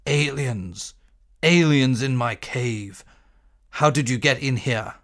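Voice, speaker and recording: A man voicing a huge, menacing one-eyed male monster, reading slowly and deliberately. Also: medium pitch, fairly bright tone.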